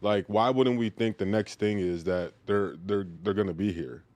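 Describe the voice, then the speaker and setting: A man's voice: lowish voice, moderate pace, a little mellow, no echo. A man co-hosting a casual chat, rambling with lots of fillers.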